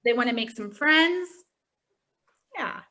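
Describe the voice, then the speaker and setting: A woman's voice: on the high side, slow. A woman from Pittsburgh, a tutor trainer, giving a chatty training talk over a video call and telling anecdotes. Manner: chatty, animated storytelling with lots of "like".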